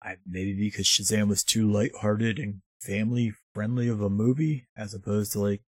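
Man, low husky voice, casual profane recapper, dry sound. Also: fairly even intonation, moderate pace, no echo. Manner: profane, rambling movie recap with mocking impressions. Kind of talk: casual chat.

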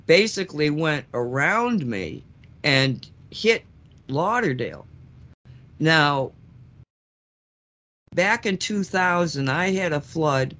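Man, rambling storyteller, animated, many restarts, slightly high voice, casual talk. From South Florida.

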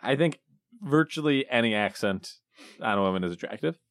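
A man's voice: medium pitch, expressive, brisk, dry recording. A laid-back man trades jokes in a loose podcast chat and is easily amused. His voice swings up and down with a lot of life. It is recorded close and dry. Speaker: podcast co-host. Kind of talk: casual banter.

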